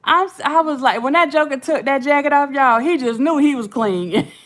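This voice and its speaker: A woman's voice: sits high, normal speed, a bit bright. A woman, hosting casual late-night commentary, chatty and laughing often while she retells things. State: has a headache. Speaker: channel host.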